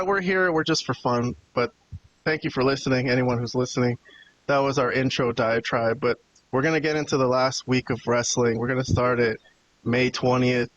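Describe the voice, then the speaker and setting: On a muffled recording with a slight hiss or hum, a mid-range male voice rambles through casual wrestling-podcast talk. The host curses freely while venting to his co-hosts.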